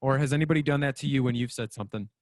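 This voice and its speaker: A male host talks casually and keeps restarting his sentences. His voice is mid-pitched, and the dry sound has almost no room echo. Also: very fast. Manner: chatty, frequent restarts. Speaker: show host. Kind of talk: casual interview chat.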